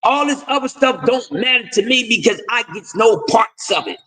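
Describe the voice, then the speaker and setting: High, bright-voiced man ranting. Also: expressive, moderate pace, rough recording. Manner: profane, confrontational, lecturing with repeated refrains. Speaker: host of a boxing talk stream. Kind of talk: ranting commentary.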